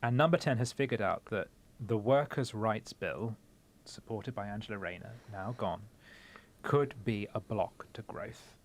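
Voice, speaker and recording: A man's voice: lowish voice, measured pace, a little hiss or hum. A man co-hosting a politics podcast, laying out background to listeners in an explanatory way. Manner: explanatory, lays out the context. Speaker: podcast co-host. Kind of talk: political discussion.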